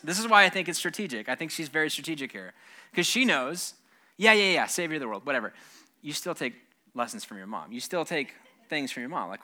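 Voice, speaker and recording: A man's voice: medium pitch, sharp tone. A man in his thirties preaching a sermon, conversational and humorous, often restarting his sentences and speaking straight to the congregation. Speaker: pastor.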